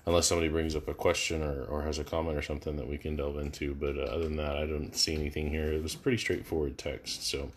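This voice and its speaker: Very deep-voiced man teaching scripture. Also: slight background noise. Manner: casual, thinking aloud with frequent fillers and restarts. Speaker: Bible study teacher. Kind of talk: verse-by-verse Bible study.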